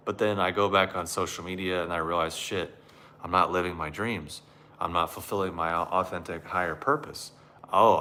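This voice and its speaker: A man's voice: deep voice, bright, forceful tone. A man giving a sardonic monologue on spirituality and self-help, mocking it and acting out the voices he quotes.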